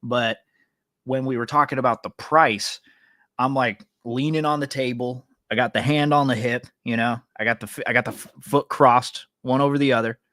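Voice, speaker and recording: A man's voice: mid-range voice, steady tone, normal speed, sharp tone, dry recording, clean studio sound. A man co-hosting a podcast in casual, teasing chat, laughing often. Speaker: podcast co-host.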